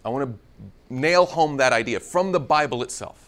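A man's voice: mid-range voice, normal speed. A man preaching a conversational sermon, acting out scripture dialogue with playful humor. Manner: conversational, animated, acts out biblical dialogue with humor.

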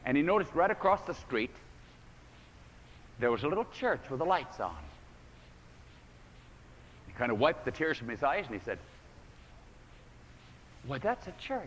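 A man preaching a storytelling sermon to a congregation, acting out the voices in the story with big swings from hushed to loud. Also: on the high side, slight background noise. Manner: dramatic, acts out quoted voices with big swings in volume. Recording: echoey hall recording.

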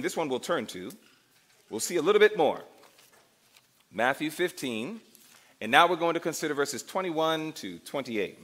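Animated high-voiced preacher. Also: male voice. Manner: dramatic, asks the congregation questions, acts out scenes. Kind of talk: sermon.

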